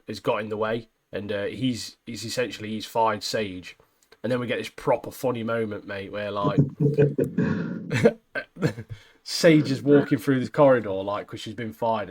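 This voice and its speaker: A man's voice: on the low side, fairly even intonation, moderate pace. A man co-hosting a podcast, chatting casually and recapping scenes with slang and laughs. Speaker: podcast co-host. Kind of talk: casual chat.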